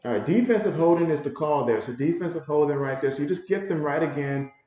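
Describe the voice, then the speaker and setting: A man hosting a livestream, giving casual play-by-play commentary and reading viewer comments aloud with excitable reactions. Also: a little high, quick pace, dull audio. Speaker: livestream host doing play-by-play. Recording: very echoey room.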